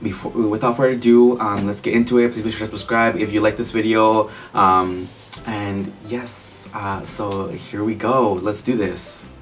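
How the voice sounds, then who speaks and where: A man chatting casually to camera as a reaction vlogger, excitable and swearing freely. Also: lowish voice, normal speed, far from the mic, over music. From United States.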